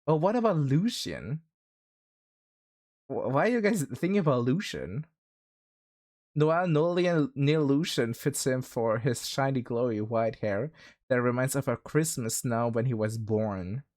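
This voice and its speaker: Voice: mid-range voice, animated, measured pace, a little mellow. A livestreamer chatting casually with viewers, rambling with many fillers and laughing often. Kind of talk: casual stream chat.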